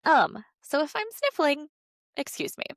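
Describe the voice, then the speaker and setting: A woman's voice: high-pitched, very animated, unhurried, dry recording, clean studio sound. A woman co-hosting a podcast in casual chat, nasal from a cold, talking loosely with lots of fillers. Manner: chatty, many fillers, laughs often. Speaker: podcast co-host.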